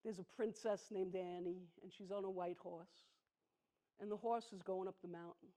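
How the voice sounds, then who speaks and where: A woman, performing a personal storytelling monologue on a theatre stage, intimate and emphatic, slowing down on heavy moments. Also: on the low side, fairly even intonation, warm tone. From the Bronx, New York. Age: 60s. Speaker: solo performer.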